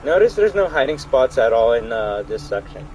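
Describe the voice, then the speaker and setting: A man's voice: mid-range voice, big pitch swings, moderate pace, darkish tone, a little hiss or hum, poor audio. Chatty young man streaming a game. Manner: chatty, rambling, talks straight to chat. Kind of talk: casual gaming livestream chat.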